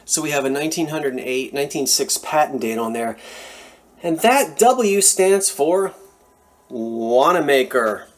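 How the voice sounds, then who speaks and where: A man from the Philadelphia area, with a fairly high voice and a measured pace, eagerly shows off antique finds from a thrift haul. It's a casual show-and-tell vlog, and he's animated and chatty, tossing in asides along the way.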